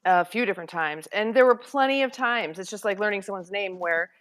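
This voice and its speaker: A woman's voice: medium pitch, fairly quick, fairly bright tone. A woman guest in a casual live-stream chat who talks emphatically, often exclaiming her agreement.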